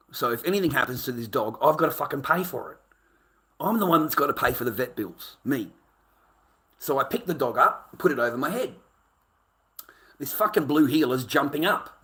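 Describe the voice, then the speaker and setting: A middle-aged Australian man telling a rambling, profane story in casual talk, brash and quick to laugh. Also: mid-range voice, sharp tone. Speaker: vlogger.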